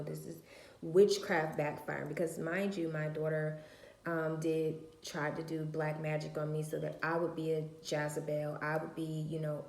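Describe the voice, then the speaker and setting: A woman's voice: low-pitched, darkish tone. A woman telling a personal story in a casual vlog, blunt and emphatic, with slang and swearing, and acting out other people's lines. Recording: echoey room.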